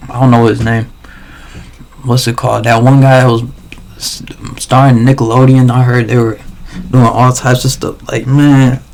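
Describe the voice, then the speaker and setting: Male streamer, casual rant, gravelly, loose and slangy delivery. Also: medium pitch. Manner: rambling, slangy, swears a lot, many restarts. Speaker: livestreamer. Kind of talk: casual rambling monologue.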